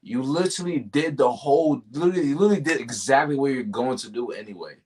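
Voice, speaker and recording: A man's voice: mid-range voice, fast, a little mellow, husky. A man being interviewed about his sales job, talking casually and animatedly, full of slang like "yo" and "bro". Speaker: guest, tech sales rep.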